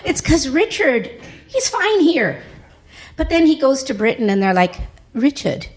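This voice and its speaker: A woman's voice: sits high, very animated, measured pace. A middle-aged woman doing a stand-up comedy set, chuckling through her own punchlines.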